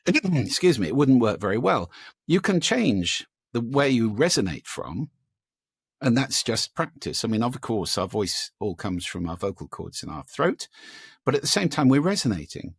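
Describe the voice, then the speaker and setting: A man with a gravelly, husky voice sits down for an interview and explains his ideas with lively, demonstrative energy. His voice sits fairly low, and the sound is dry and close. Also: moderate pace, no echo. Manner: animated, demonstrative, gives vocal examples. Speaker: guest, speaker on voice and listening.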